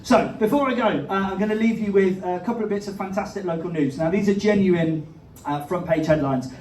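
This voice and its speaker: A man's voice: sits high, fairly quick, a little mellow. A man performing a live stand-up set, chatty and self-mocking, often laughing at his own jokes. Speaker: stand-up comedian. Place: live comedy venue with an audience. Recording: roomy venue audio, captured from a distance with crowd laughter. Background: audience laughter.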